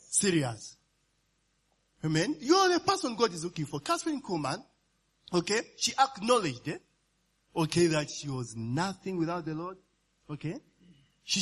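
Husky high-voiced preacher. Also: male voice, fairly bright tone. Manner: call-and-response asides, often asks "you understand?" and "eh?", laughs while preaching. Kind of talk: sermon.

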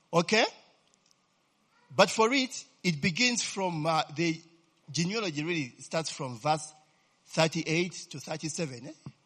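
Husky high-voiced preacher, slow and questioning. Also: male voice, a bit bright. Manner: keeps asking the listeners if they understand; repeats questions for the congregation to answer. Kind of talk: Bible teaching sermon.

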